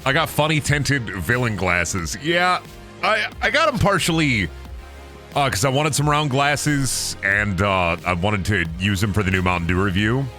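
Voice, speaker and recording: Dude streaming a game, bright lively voice jumping up and down, rambly and self-roasting, quiet music under it. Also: male voice, on the low side. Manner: self-deprecating, rambling, jokey. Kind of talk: casual gaming stream chat.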